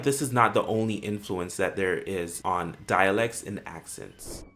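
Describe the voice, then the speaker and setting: A man with an American accent narrating an educational lesson in a clear, explanatory way. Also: lowish voice, a bit bright.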